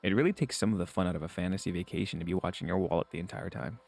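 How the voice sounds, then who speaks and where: Low, gravelly man streaming a game. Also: racing, darkish tone. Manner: joking, crude asides, chatting with viewers. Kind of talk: reading a visual novel aloud with commentary.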